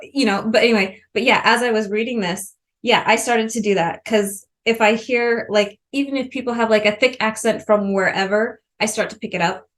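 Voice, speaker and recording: A woman's voice: fairly high pitch, steady tone, normal speed, fairly bright tone. A woman from the Missouri Ozarks co-hosting a podcast, chatting casually about a book in a rambling way with many fillers. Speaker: podcast co-host.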